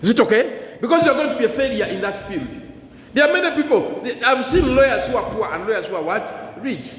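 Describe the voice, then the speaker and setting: Speaking fairly quickly in an extremely high pitch, an animated man offers students career advice at their school. He works in call-and-response style, pausing mid-sentence so the class can supply the missing words, and the hall echoes with faint ambience.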